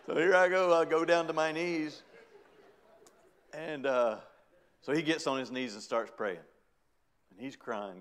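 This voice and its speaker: A man's voice: fairly high pitch, unhurried, pauses often, a bit bright. Middle-aged man telling a sermon story. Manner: storytelling, chatty, with laughs. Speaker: preacher giving testimony. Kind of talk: sermon testimony.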